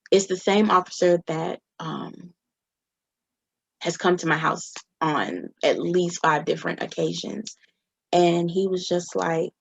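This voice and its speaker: A woman's voice: lowish voice, creaky, no echo, muffled recording. A young adult woman recounting her own experiences in an interview, often voicing what others said. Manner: recounting events with quoted dialogue. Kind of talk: personal testimony.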